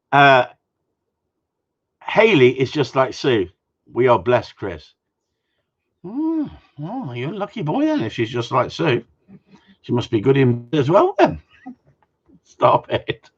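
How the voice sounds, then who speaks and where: Husky, blunt Englishman with a lively voice. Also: a little high, normal speed, lo-fi sound. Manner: blunt, jokey, swears freely. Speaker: dog trainer hosting a live Q&A. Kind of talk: casual chat answering viewer comments.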